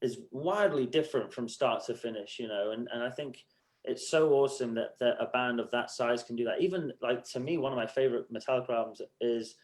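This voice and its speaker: A man's voice: medium pitch, quick pace. A man from the United Arab Emirates, a musician guest on a casual podcast, telling stories and acting out quotes with swearing. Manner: animated storyteller, acts out quotes, swears freely.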